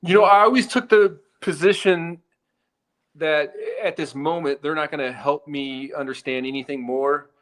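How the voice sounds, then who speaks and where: Older man giving measured answers. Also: on the high side, steady tone, a bit bright. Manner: measured, explains his reasoning. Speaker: retired FBI agent guest. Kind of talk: casual interview answers.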